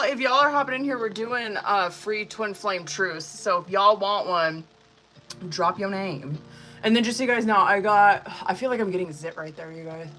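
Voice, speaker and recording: A woman's voice: medium pitch, moderate pace, sharp tone, faint music behind, poor audio. A young woman, a tarot reader, chatting casually with her live-stream viewers, laughing often and swearing freely.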